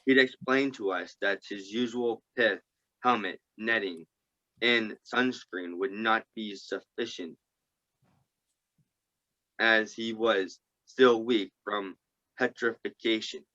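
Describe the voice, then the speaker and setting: A man reading a novel aloud to a group, halting and stumbling over words and restarting. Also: fairly low pitch, bright, forceful tone, highs cut off. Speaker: group reader.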